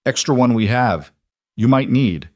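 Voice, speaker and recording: A man voicing a kindly elderly farmer with a thick Norwegian accent and gentle broken English. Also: medium pitch, lively intonation, measured pace, no room sound, studio quality, pitched above the performer's own voice, natural voice. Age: older.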